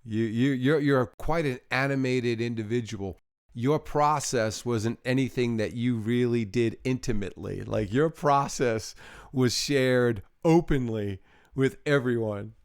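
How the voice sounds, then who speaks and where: A man hosting a casual conversation, reminiscing with his guest in quick bursts. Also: medium pitch, smooth, no echo, studio quality. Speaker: host.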